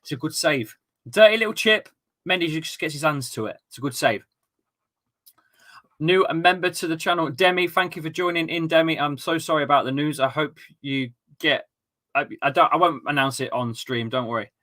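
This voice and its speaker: A young man hosting a football watchalong, commentating on the live match and chatting, excitable with sudden shouts and swearing. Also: a little high, fairly quick.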